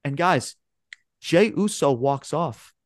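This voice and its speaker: A man co-hosting a podcast in casual chat, excitably retelling events in a rambling way, swearing often and calling listeners "bro" and "man". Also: fairly high pitch, slow, dry recording, clean studio sound. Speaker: podcast co-host.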